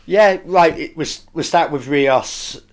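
Laid-back man, slightly higher voice. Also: takes it slowly. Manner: laid-back, hesitant, trails off and restarts. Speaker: podcast co-host. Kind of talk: casual chat reviewing a TV episode.

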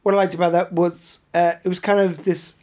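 A woman's voice: on the low side, little pitch movement, a little fast, dark tone. A woman, co-hosting a podcast and recapping a TV episode with laughing, teasing banter. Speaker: podcast co-host. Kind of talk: casual chat recapping a TV episode.

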